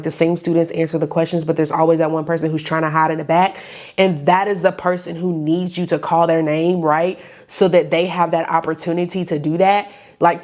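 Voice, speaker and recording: Woman, faith-based coach leading a Bible study, fervent and emotional, mid-range voice, repeats for emphasis. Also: mid-range voice. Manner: fervent, repeats lines for emphasis, addresses listeners as y'all. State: tearful at times.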